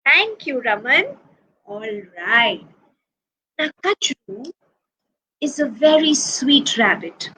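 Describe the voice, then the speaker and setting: Woman storyteller from India for a preschool audience. High, unhurried and animated, with whispers and sung refrains. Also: slightly rough, poor audio. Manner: animated, slow and expressive, drops to whispers, sings refrains. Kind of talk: storytelling to young children.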